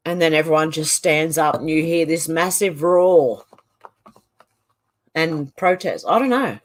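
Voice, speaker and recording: A woman's voice: sits low, measured pace. A middle-aged woman with an Australian accent hosting a livestream, chatting casually as she reads out viewer comments and often trails off mid-sentence. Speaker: livestream host. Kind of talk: casual chat reading out live comments.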